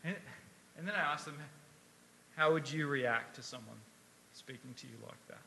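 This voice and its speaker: A man delivers a sermon in a high, bright voice. He talks with emphasis, and he keeps putting rhetorical questions to his listeners. He reads passages of scripture aloud as he goes. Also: moderate pace, creaky, a little hiss or hum. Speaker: preacher.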